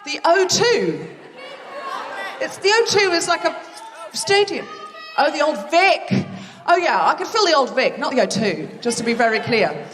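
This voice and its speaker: A woman emcees a live comedy podcast onstage at a theatre, bantering chattily and mocking herself as she works the crowd. She has a high, sing-song, fairly bright voice and talks a little slowly. The stage mic is distant, with a long reverb tail and a faint crowd audible.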